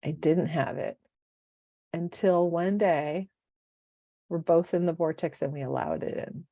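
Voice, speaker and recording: On a casual podcast, a woman in her fifties serves as co-host, an animated storyteller who performs quoted dialogue. Her voice sits low and her delivery is unhurried, in a dry studio-quality recording.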